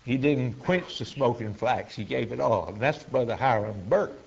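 A man preaches with a folksy, unhurried storytelling style, pausing on filler words. His voice sits at an ordinary middle pitch. The recording is lo-fi and muffled. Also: vocal fry, a little mellow, husky. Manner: folksy, halting, with frequent "uh" fillers. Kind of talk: sermon storytelling. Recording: dull lo-fi sermon recording.

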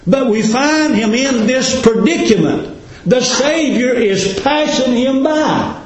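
A male preacher with a high voice that swoops up and down through each phrase, delivering a sermon in plain, folksy speech. He speaks slowly, and the sound rings with heavy room echo. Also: expressive. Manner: dramatic preaching cadence, rhetorical questions. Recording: very echoey room.

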